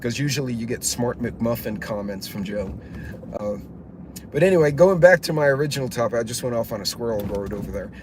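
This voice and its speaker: Guy rambling on his stream, swears a lot, middle-pitched voice, noisy background. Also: lively intonation, a little fast. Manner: rambling, profane storytelling. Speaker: channel host. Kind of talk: casual livestream chat. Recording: noticeable background noise.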